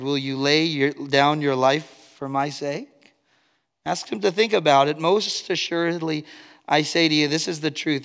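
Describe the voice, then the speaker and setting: A man preaching a sermon as pastor, earnest, swinging between loud emphatic stretches and quiet, low asides. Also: in a large hall. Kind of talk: expository sermon.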